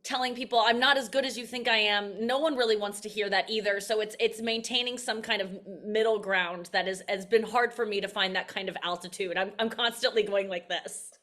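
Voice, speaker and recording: A woman's voice: mid-range voice, fairly even intonation, a little fast, fairly bright tone. A woman in her thirties, a comedian, talking candidly and reflectively in a casual interview, often restarting her sentences. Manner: candid and self-reflective, with frequent restarts and laughs. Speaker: comedian guest.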